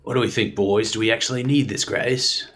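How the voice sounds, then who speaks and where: A man with a fairly low voice playing in a tabletop role-playing game. He talks casually and playfully, laying out what his character does. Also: fairly even intonation, brisk, fairly bright tone, slightly rough. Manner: playful, describes his moves. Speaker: player.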